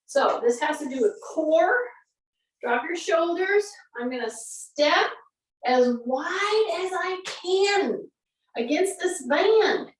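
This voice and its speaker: A woman's voice: very high-pitched, lively intonation, slow, recorded from a distance. A woman fitness instructor talking through exercises as she demonstrates them, chatty and encouraging. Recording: echoey room, voice off-mic.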